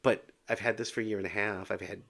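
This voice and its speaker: A man's voice: on the low side, steady tone, fast, gravelly, a bit bright. A man in his fifties talking casually to camera about his life, rambling and repeating words, sometimes dropping to a whisper. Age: 50s. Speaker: vlogger with Meniere's disease.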